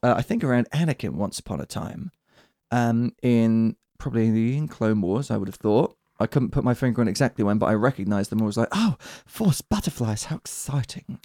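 A man hosting a casual podcast chat, lively and acting out quoted lines in little voices. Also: on the low side, fairly quick, no echo, clean studio sound. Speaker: podcast host.

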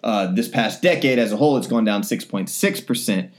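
A man's voice: lowish voice, animated, brisk. A young man co-hosting a casual sports podcast, rambling with many fillers and restarts. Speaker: sports reporter and podcast co-host.

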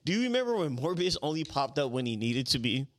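A man's voice: medium pitch, sing-song, fast, dry recording, clean studio sound. A man co-hosting a podcast, talking bluntly and profanely with incredulous energy. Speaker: podcast co-host. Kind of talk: casual chat.

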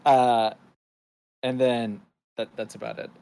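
A man's voice: mid-range voice, little pitch movement, slow pace, warm tone, clear, resonant tone. A married man in a casual chat, joking and poking fun at himself. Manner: joking, self-deprecating.

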